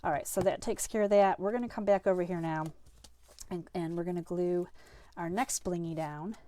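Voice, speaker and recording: Her voice is lowish and mellow, with a steady tone and moderate pace. She's a middle-aged woman teaching a card-making class over live stream, sniffling a bit from a fading cold yet staying chatty, upbeat and ready to poke fun at herself.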